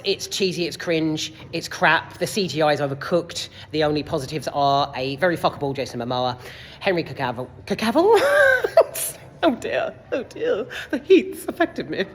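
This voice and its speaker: Bloke ranting and swearing, rambly, echoey foyer with a bit of hum. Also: male voice, fairly high pitch. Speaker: film reviewer. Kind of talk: casual vlog rant. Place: cinema foyer, indoors. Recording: reverberant foyer, faint background noise.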